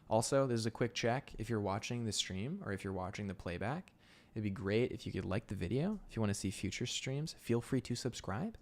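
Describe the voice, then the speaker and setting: A man's voice: fairly low pitch, expressive, a little fast, few pauses. A man chatting casually while he sketches on a live stream, rambling and amused by his own jokes. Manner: rambling, self-amused, thinking aloud. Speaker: illustrator livestreaming sketches.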